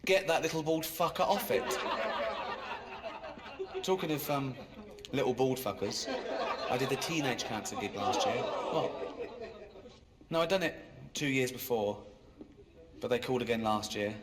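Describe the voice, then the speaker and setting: Stand-up guy, dry and self-mocking, squeals up high when exasperated, big crowd laughing. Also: animated, unhurried, pauses often. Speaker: stand-up comedian. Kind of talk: stand-up routine. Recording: live comedy club with crowd laughter. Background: audience laughing.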